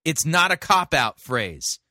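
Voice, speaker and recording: A man's voice: fairly high pitch, very animated, slow, bright, forceful tone, no echo, clean studio sound. A man hosting a sermon review, critically correcting what he heard with scripture. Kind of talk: critical commentary and preaching.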